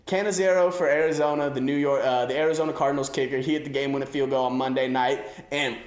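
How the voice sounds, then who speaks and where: A man's voice: medium pitch, fairly even intonation, fast, echoey room. A man in his twenties riffing on sports in a loose, slangy comedy set, a little winded. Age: 20s. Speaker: host. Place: room with an audience.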